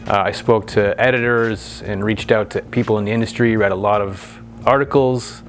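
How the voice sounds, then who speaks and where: A man in his forties with a fairly low voice, speaking as an author about his writing. His delivery is thoughtful and measured, and he moves on into a reading from his novel. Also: steady tone, soft background music. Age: 40s. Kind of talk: author talk and book reading.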